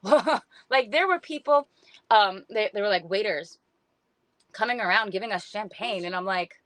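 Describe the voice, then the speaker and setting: A woman's voice: medium pitch, moderate pace, a bit bright, no echo. A middle-aged woman guest on a podcast, telling stories in a chatty way and acting out what people said. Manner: chatty, lots of "like", acts out quotes. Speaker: podcast guest, book influencer. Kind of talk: casual storytelling chat.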